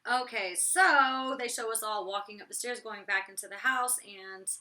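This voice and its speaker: Raspy young woman vlogging, kinda high voice, super bright and sharp, blunt and slangy. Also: moderate pace. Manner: chatty, blunt, full of slang and mild cursing. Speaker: reality TV personality reviewing her episode. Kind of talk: casual vlog commentary.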